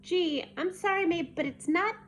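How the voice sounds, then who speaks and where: A woman voicing a patient, gentle male schoolteacher. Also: extremely high pitch, moderate pace, a little hiss or hum, voice pushed up.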